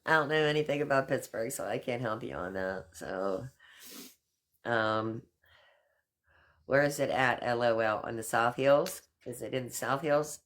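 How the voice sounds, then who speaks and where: A woman's voice: very deep voice, unhurried. Middle-aged woman, stream host; chatty, affectionate, easygoing live chat. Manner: chatty, affectionate, calls people honey and girl.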